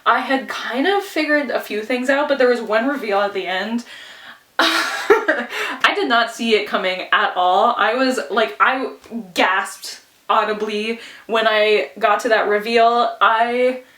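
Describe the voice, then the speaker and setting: A woman's voice: a little high, slow pace, bright, forceful tone, roomy sound, recorded from a distance. A woman book vlogger talking casually and chattily, giggling often and filling her talk with "like" and "anyways", a little out of breath. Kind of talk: casual reading vlog.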